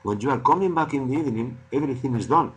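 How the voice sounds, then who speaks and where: A man voicing a pushy, boastful male horse seller in a spoken joke, loud and insistent. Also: medium pitch, lively intonation, very fast, husky, pitched above the performer's own voice. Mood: boasting.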